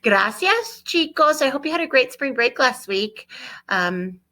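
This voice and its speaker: A woman teacher giving an online Spanish lesson to her students, upbeat, repeating phrases slowly for them to echo. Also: high-pitched, expressive, pushed and bright.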